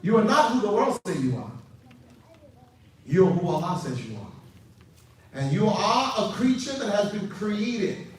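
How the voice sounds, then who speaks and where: A man from the United States, giving an animated youth lecture that acts out dialogue and builds to shouted emphasis. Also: high-pitched, measured pace, long pauses. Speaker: preacher. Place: large hall with audience. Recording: distant, echoey hall with faint noise.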